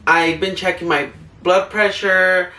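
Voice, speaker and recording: A man's voice: high voice, steady tone, takes it slowly, sharp tone, echoey room, far from the mic. A young man vlogging about coping, talking in an earnest, rambling way with many "like" fillers. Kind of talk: casual heartfelt advice talk.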